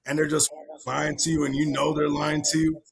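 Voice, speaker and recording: A man's voice: a little high, little pitch movement, fairly quick, creaky. A young adult man hosting a podcast, talking bluntly and loosely while reacting to a video clip. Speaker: podcast host. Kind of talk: casual chat reacting to a clip.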